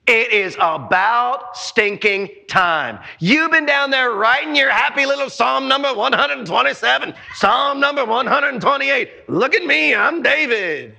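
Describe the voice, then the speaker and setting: A male preacher voicing God as an exasperated, teasing male deity, slow and emphatic. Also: extremely high pitch, expressive, vocal fry, bright, forceful tone, exaggerated voice.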